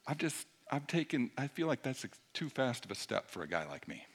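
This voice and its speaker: A middle-aged man preaching a sermon in a conversational way, dropping at times to a hushed near-whisper. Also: medium pitch, big pitch swings, fairly quick. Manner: conversational, shifts between loud emphasis and hushed near-whisper. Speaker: pastor.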